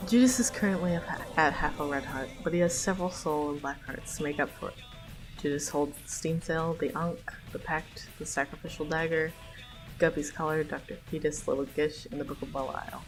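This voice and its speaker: A young woman livestreaming a read-along of her own comic, just woken up, reading slowly and often breaking into giggles. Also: sits low, fairly even intonation, music in the background, rough recording. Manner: giggly, trailing off into laughter. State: just woke up.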